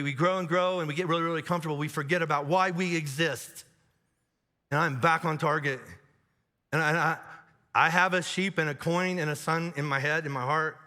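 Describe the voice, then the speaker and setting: A man preaching a sermon as pastor, in a conversational, animated way with frequent restarts and asides. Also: fairly high pitch. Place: large church auditorium. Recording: long hall reverb from live church.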